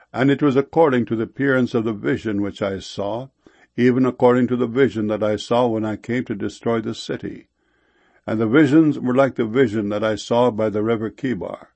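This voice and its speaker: A man giving a solemn scripture reading in a slow, measured way. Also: medium pitch, gravelly, darkish tone, husky. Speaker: scripture reader.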